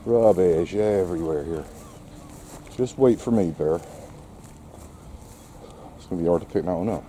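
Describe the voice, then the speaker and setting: A man's voice: sits low, a little slow, warm tone, slight background noise. A man giving casual vlog commentary outdoors while walking his dog, full of wry, sarcastic asides. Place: outdoors on a seaside quay.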